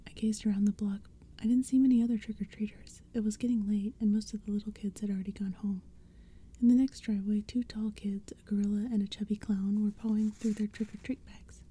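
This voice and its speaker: A woman softly whispering a story as an ASMR audiobook reader. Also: medium pitch, little pitch movement, brisk, husky. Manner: soft, whispered, gentle.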